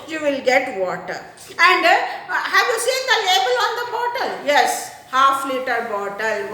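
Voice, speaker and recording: A woman teaches a science class in a high, bright voice. She repeats key points and drops rhetorical questions to the pupils. The room is very echoey, with a faint hiss behind her. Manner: repeats points, asks rhetorical questions, often adds "isn't it?". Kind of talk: classroom lesson explanation.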